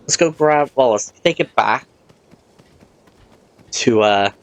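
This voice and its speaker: Brief: male gamer, loose chatty playthrough commentary, self-correcting, average pitch. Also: animated, slow pace. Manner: rambling, often corrects himself mid-sentence. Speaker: let's play host. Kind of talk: casual gameplay commentary.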